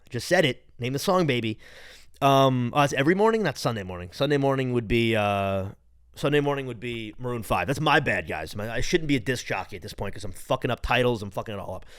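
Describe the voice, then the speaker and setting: A man in his late twenties from Long Island with a New York accent, hosting a casual solo podcast in a profane, rambling, excitable way. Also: medium pitch, fast talker, dry recording, clean studio sound. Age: late 20s. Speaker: podcast host.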